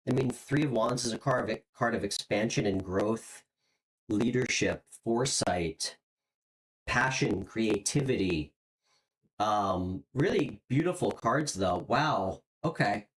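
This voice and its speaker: On a live stream, a tarot reader gives a casual, encouraging reading, full of "um," "like," and repeated words while searching for what to say next. The voice is mid-range with lively intonation and a slow pace. The recording is low-quality, with slight background noise.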